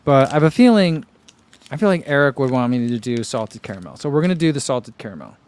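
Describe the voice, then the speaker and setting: A man's voice: mid-range voice, big pitch swings, quick pace, darkish tone, clean tone. A man hosting a running channel, chatting casually on a livestream, rambling in an easygoing way with many fillers while reading viewer comments. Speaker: running channel host reading live chat.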